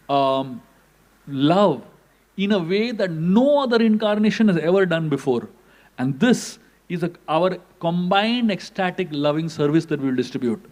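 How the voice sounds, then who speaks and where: A man's voice: high-pitched, a little mellow. A man voicing a tender, generous young god, speaking in an earnest, solemn promising tone.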